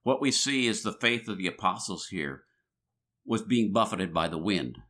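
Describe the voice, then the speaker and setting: A man's voice: lowish voice, expressive, moderate pace, fairly bright tone. A man preaching a sermon in a conversational way, reading scripture aloud, with frequent restarts and filler words.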